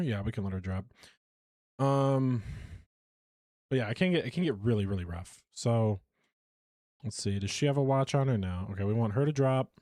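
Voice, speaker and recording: Animated, chatty male streamer. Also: mid-range voice, dry recording, clean studio sound. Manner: chatty, animated, self-mocking. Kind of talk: live gameplay commentary.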